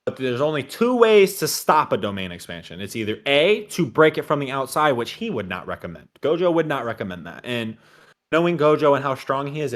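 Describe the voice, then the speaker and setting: A man co-hosting a casual recap show, talking animatedly and acting out character lines. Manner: animated, acts out character lines in a high shouting voice. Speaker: podcast co-host.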